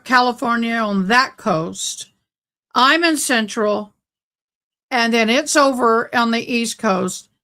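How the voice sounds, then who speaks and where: A woman's voice: a little high, sharp tone. A woman hosting a casual livestream, talking in agitated, ranting bursts. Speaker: YouTube livestream host. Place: home room with sunlight through window. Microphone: desk mic close by.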